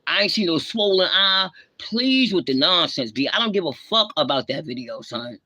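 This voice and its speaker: A woman's voice: lowish voice, lively intonation, moderate pace, pushed and bright, dry recording. A woman hosting a livestream, ranting and scolding in blunt, slang-heavy talk with a lecturing tone. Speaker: livestream host. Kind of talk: ranting live commentary.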